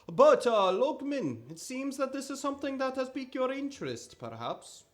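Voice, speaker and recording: A man's voice: very high-pitched, very animated, normal speed, pitched above the performer's own voice. A man voicing a greedy, fawning male merchant who gushes over his wares in a raised, sweet-talking voice. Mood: smooth. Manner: gushing, salesman's sweet talk.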